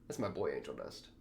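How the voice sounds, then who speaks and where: A young man hosting a reaction video, talking casually and excitably with a lot of slang as he reacts to what he watches. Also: a little hiss or hum. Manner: excitable, slangy, thinks aloud.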